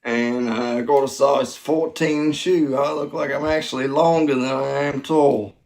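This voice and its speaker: Gravelly man trading crude jokes. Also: mid-range voice, fairly even intonation, a little mellow. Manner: profane, self-deprecating, quick jokes. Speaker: comedy show host. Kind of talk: crude casual comedy banter.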